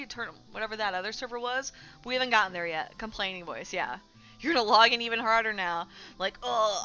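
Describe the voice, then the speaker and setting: A woman streamer talking bluntly and casually to her chat, swearing now and then. Her voice is bright and a little forceful. The sound is somewhat dull and lo-fi, with faint music running underneath. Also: fairly high pitch. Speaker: streamer host. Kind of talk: casual livestream commentary.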